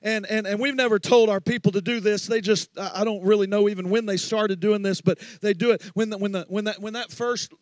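A man's voice: high-pitched, fairly even intonation, a little fast, few pauses, dry recording. A man preaching a sermon as a guest preacher, emphatic and driving repeated refrains.

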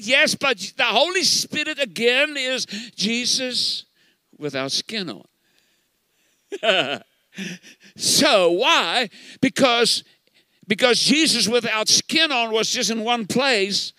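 A man's voice: very high-pitched, lively intonation, slow pace, pushed and bright, no room sound. An older man preaching a sermon as pastor, emphatic and repeating words for stress.

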